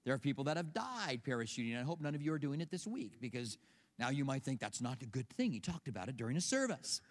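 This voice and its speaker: A man's voice: medium pitch, sing-song, quick pace, big-room sound. A middle-aged male pastor preaching a sermon, telling stories conversationally and asking rhetorical questions. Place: church sanctuary.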